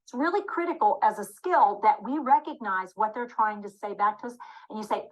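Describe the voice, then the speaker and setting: A woman's voice: a little high, moderate pace, rough recording. A woman teaching dementia care techniques in a webinar, speaking emphatically and acting out short apology phrases as examples.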